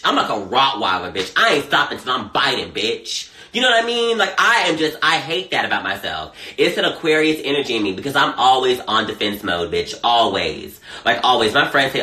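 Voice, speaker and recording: A man chatting casually on a phone livestream, sassy and animated, swearing a lot. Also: medium pitch. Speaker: social media personality. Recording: echoey room, faint noise.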